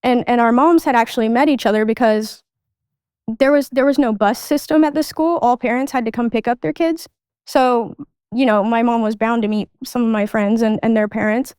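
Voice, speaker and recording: A woman's voice: a little high, a little mellow, smooth, dry recording, clean studio sound. A woman guest recounting her childhood in casual conversational speech, with lots of "like" fillers. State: adult. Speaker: podcast guest. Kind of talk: personal storytelling.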